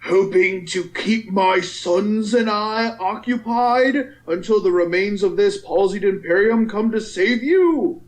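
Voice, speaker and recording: A mocking, sneering one-eyed sorcerer, read out by a man in a podcast. The delivery is slow and unhurried, close to an everyday voice. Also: sits high, low-quality recording.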